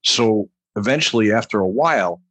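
Low husky guy from long island rambling on in an interview, keeps saying right?, dry close sound. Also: animated, normal speed, a bit bright, no room sound. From Long Island, New York. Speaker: author, military veteran guest. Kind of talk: conversational interview.

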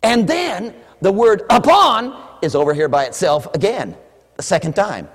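A man preaching a sermon, swinging between hushed asides and shouted emphasis. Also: high-pitched, big pitch swings, measured pace, husky, long reverb tail.

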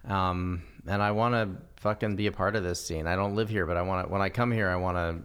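A man, a touring stand-up comic, telling stories in a relaxed, casual chat. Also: sits low, a little fast, clean tone.

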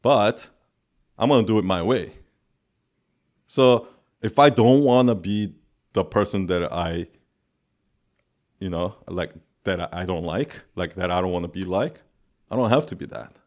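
Calm low-voiced man, rambling podcast chat. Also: normal speed. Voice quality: calm voice that listeners find soothing. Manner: rambling, with many filler words. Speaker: podcast co-host. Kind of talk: casual chat.

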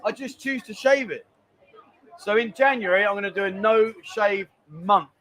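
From a busy bar, a man with a rather high, fairly bright voice hosts a casual live stream at a moderate pace. He chats loosely, cracks jokes and reads viewers' messages aloud.

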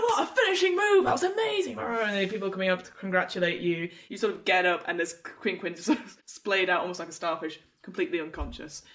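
Animated woman running a tabletop game, lower pitch. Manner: animated, laughing often, playful. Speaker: game master.

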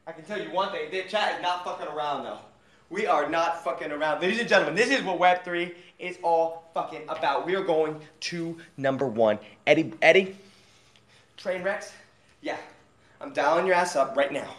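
A young man livestreaming who hypes up his chat with loud, profane shouting. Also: a little high, brisk. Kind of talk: hyped livestream hype-up. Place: outdoors at night in a warm, mosquito-filled spot. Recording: echoey live stream audio.

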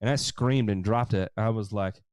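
A man's voice: lowish voice, moderate pace, a little mellow, clear, resonant tone, dry recording, studio quality. A man hosting a lawn care livestream, casually reading and answering viewer comments with jokes. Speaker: lawn care show host.

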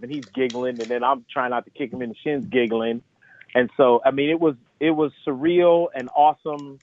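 A man calls in and tells a story in an animated, lively way, laughing as he goes. His voice sits fairly high. It comes over a tinny, dry phone line. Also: dry recording. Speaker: guest golf analyst.

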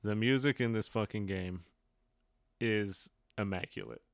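Smooth-voiced man on a dry mic. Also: lowish voice, measured pace, dry recording. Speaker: podcast co-host. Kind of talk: casual podcast chat.

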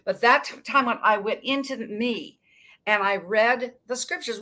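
A woman in her sixties from Montana, telling her story as a guest in an earnest, emphatic way with dramatic pauses. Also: on the high side, bright, forceful tone. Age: 60s. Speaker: guest, motivational speaker. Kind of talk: casual interview storytelling.

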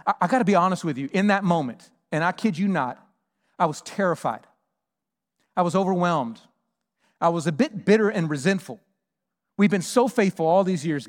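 High-voiced pastor preaching in a reverberant hall. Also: male voice, expressive, normal speed, long pauses. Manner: emphatic, shifts between hushed and loud preaching. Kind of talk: sermon.

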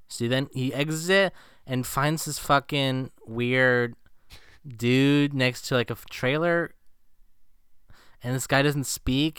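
A man's voice: medium pitch, bright, forceful tone, clean tone, dry recording, studio quality. A man co-hosting a podcast, recapping a movie's plot in a sardonic, profane, casual way. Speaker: podcast co-host. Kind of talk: casual movie-review chat.

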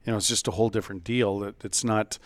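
Low, relaxed male co-host; dry close recording, unhurried storytelling. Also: no echo. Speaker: podcast co-host. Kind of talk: casual podcast chat.

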